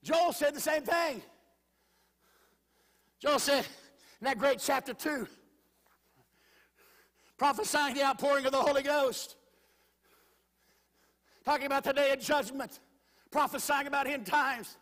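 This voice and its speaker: A man preaching a Pentecostal sermon as a guest speaker, swinging between shouted declarations and quiet storytelling. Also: extremely high pitch, a little slow, pauses often. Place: large church sanctuary. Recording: church hall with long reverb.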